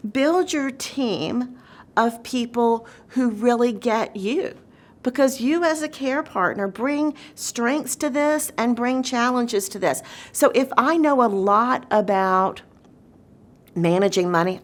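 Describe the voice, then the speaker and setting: A woman presenting an educational webinar session on caregiving, speaking earnestly and varying her pace as she explains. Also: a little high. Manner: earnest, shifts pace often, acts out quoted voices. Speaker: dementia training presenter.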